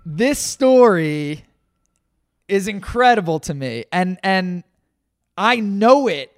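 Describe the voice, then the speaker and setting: Earnest high-voiced man, dry studio. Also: lively intonation, takes it slowly, clear, resonant tone, dry recording. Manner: earnest, emphatic, repeats phrases for stress. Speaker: podcast co-host. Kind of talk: casual podcast talk.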